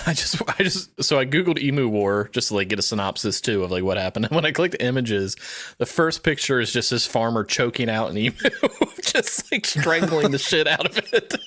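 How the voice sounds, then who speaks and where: A man in a mid-range voice chats casually on a podcast. He rambles and restarts his sentences as he talks, swearing freely and breaking into laughter between thoughts. He sounds like a relaxed co-host riffing with a friend. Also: mid-range voice, fairly quick. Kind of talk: casual chat.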